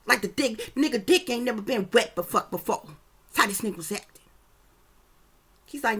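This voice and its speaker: A woman's voice: a little high, moderate pace, long pauses, a bit bright, slightly rough. Emphatic, profane woman psychic reader. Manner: emphatic, profane, keeps checking in with listeners. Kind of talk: casual psychic reading commentary.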